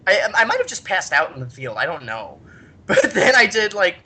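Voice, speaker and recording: A young man hosting a podcast, telling a rambling story in an excitable, giggly way. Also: sits high, normal speed, husky. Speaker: podcast host. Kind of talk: casual storytelling chat.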